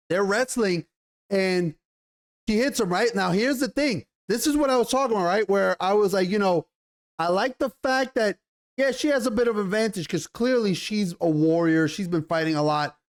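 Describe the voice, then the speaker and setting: A man giving a casual, animated TV episode review in slangy talk, often repeating himself. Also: high voice, normal speed. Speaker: TV show reviewer.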